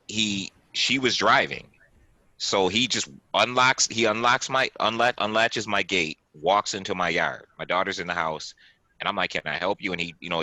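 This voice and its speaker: A man in his forties, a podcast host, telling a story on a video call in an animated, emphatic way, often repeating himself and acting out what people said. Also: low voice, no echo, rough recording. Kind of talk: casual storytelling chat.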